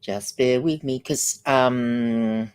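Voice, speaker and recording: A woman's voice: very deep voice, very slow, darkish tone, smooth. An older woman hosting a casual livestream, chatty and rambling as she reads out viewer comments. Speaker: livestream host.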